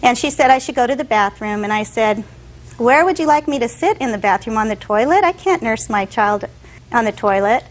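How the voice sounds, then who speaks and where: Young woman, court defendant, lively retelling, imitates others, somewhat high voice. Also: fairly quick, low-quality recording. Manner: animated storytelling, acting out the voices of others. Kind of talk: courtroom testimony.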